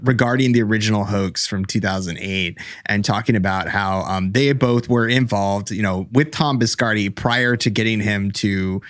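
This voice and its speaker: A man's voice: lowish voice, normal speed, hardly any pauses, a bit bright, no room sound, clean studio sound. A man co-hosting a casual podcast, recapping a story with many fillers. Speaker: podcast co-host. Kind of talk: casual chat.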